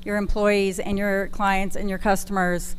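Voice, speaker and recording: A woman's voice: medium pitch, level tone, unhurried, low-quality recording. Texas woman running a conference session, chatty and laughing at herself, bit of hum behind. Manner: chatty, self-deprecating, with restarts. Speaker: session presenter. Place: conference room.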